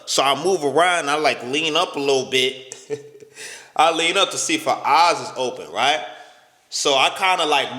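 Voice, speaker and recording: A man's voice: on the high side, bright, forceful tone. A young man telling a story from his own life in a casual vlog, full of slang and stammers, and acting out the other voices. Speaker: storytime vlogger. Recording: echoey room with long reverb.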